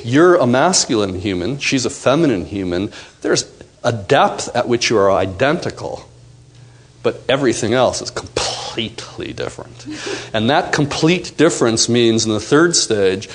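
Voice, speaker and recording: A man giving a seminar talk to a live audience, animated and playful, acting out quoted voices. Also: medium pitch, normal speed. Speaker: seminar speaker.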